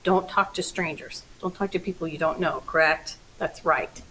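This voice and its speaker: A woman librarian reading a storybook aloud to children, expressive and animated, with playful asides. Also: sits low, normal speed, a little hiss or hum, low-quality recording.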